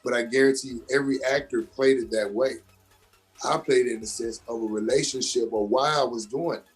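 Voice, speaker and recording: A young adult man from Georgia in the US, an actor and comedian guest telling his story with animated emphasis in a casual interview. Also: mid-range voice, a little fast, husky, faint music behind.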